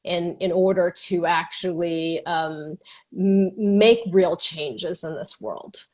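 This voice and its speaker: A woman's voice: on the low side, slow, darkish tone. A woman host from Texas in a casual interview, talking hesitantly with many fillers and restarts.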